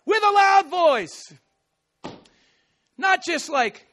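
Very high-pitched man delivering a lively, playful sermon with shouted acted-out lines. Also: a little slow, pauses often. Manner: playful, acts out scripture quotes with shouts and laughs. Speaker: preacher. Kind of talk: animated sermon.

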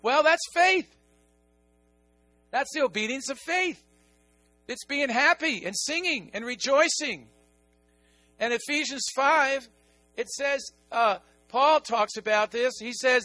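A middle-aged man preaching with a high, bright and ringing voice. He swings from hushed asides to excited bursts of emphasis. The sound is close and dry, with faint guitar underneath. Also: takes it slowly, pauses often, dry recording. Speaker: pastor. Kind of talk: sermon.

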